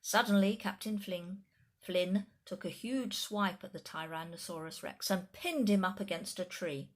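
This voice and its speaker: A woman reads a children's picture book aloud with animated storytime narration, pausing for chatty asides to the listening children. Her voice is medium-pitched and unhurried.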